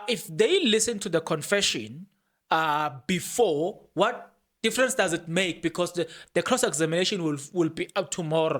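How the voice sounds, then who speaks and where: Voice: medium pitch, fairly bright tone. A podcast host gives casual commentary on court proceedings, talking freely and often repeating or restarting phrases. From South Africa. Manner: talkative, repeats and restarts phrases, reads out documents.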